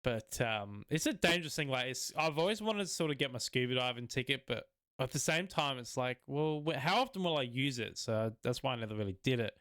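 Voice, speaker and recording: A man's voice: medium pitch, animated, brisk, hardly any pauses, fairly bright tone, dry recording. Laughing guy, dry close mic. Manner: laughs often, rambling with many fillers. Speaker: podcast co-host. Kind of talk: casual chat.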